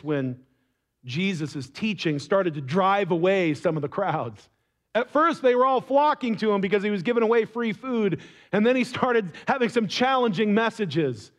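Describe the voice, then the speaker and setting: A man preaching a sermon, animated, acting out the words of biblical figures. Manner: animated, acts out biblical speakers with rising pitch. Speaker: pastor.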